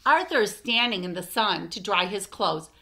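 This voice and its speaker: A woman reading a picture book aloud for children, expressive, with asides to her listeners. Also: medium pitch, moderate pace. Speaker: storytime reader.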